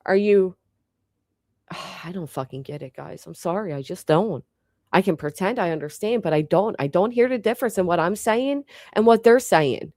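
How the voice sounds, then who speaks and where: Hosting a casual live chat, a woman speaks at a moderate pace in an animated, medium-pitched voice with a slightly mellow tone. She's blunt and joking, swears freely, and drops her final g's in a local regional American accent; the studio recording is clean, without echo.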